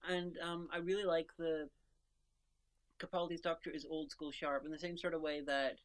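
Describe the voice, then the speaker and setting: A woman's voice: low-pitched, flat delivery, normal speed. A woman co-hosting a podcast, chatting casually and eagerly picking apart favourite characters, with frequent restarts. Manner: enthusiastic, rambling fan analysis with restarts. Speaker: podcast co-host. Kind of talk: casual chat.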